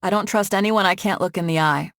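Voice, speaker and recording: A woman voicing a sharp, practical young heroine in an audiobook, speaking dry and matter-of-fact. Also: medium pitch, fast talker, no echo, close to an everyday voice.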